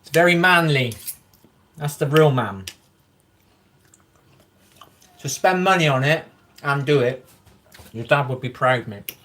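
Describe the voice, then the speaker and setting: A man's voice: fairly high pitch, normal speed, a bit bright. Frank, rambling man on a livestream. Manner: rambling, frank, swears freely; encouraging. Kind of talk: casual livestream chat answering viewer comments.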